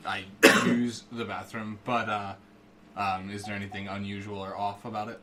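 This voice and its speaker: A man speaking as a player in a tabletop game, low-key and deliberate. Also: little pitch movement, crowd noise.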